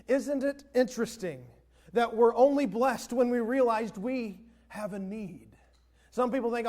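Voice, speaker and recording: A man's voice: high-pitched, normal speed, darkish tone. A man, a pastor, giving a conversational sermon in a church and leading the congregation in call-and-response. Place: church sanctuary.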